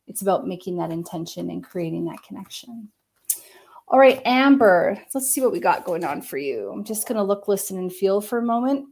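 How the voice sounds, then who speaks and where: A woman medium talks gently through a live-stream psychic reading. She wanders between thoughts and leans on fillers and hedges as she goes. Her voice sits at an ordinary middle pitch, recorded on a computer. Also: animated, a little fast, vocal fry.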